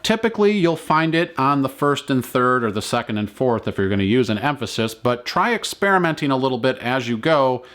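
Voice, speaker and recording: Calm man teaching ukulele. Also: medium pitch, fairly quick, hardly any pauses. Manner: calm, explanatory, counts beats aloud. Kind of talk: instructional lesson.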